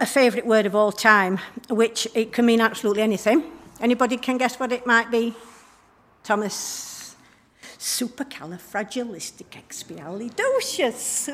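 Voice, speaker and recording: A woman giving church notices and a talk during a service, chatty and friendly with frequent ums and throat clearing. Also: fairly high pitch, a bit bright. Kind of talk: church notices and informal sermon.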